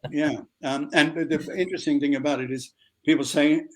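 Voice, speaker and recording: An older man with an Australian accent, a guest actor telling lively anecdotes in an interview and acting out other people's voices. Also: a little high, moderate pace, slight background noise.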